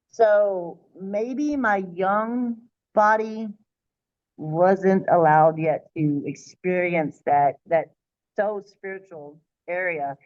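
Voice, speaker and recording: A woman with a fairly low-pitched voice, heard through a muffled recording, tells an interviewer about her near-death experience. Her account of that childhood spiritual episode is vivid and animated, delivered quickly with some restarts.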